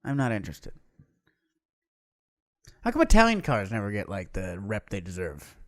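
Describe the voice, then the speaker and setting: A man's voice: lowish voice, huge pitch swings, moderate pace, fairly bright tone. A man from the United States co-hosting a podcast, joking and sarcastic, swearing often in casual banter. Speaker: podcast co-host.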